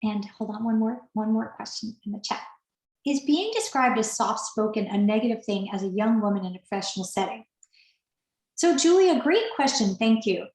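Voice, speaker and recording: A woman's voice: a little high, animated, moderate pace, a little mellow, reverberant, low-quality recording. A woman presenting an online professional skills workshop, speaking in a conversational, coaching way and answering questions from the chat.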